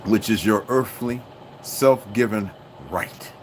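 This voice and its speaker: A man's voice: fairly low pitch, slow pace, slight background noise. A man hosting a livestream, ranting bluntly and with heavy profanity to his viewers. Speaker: livestream host. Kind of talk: unscripted livestream rant.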